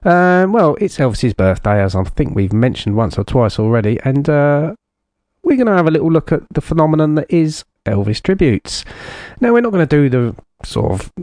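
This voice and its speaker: A man presenting a radio show in a relaxed, jokey way, rambling with plenty of fillers. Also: on the high side, moderate pace, no echo, clean studio sound. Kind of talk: casual radio chat.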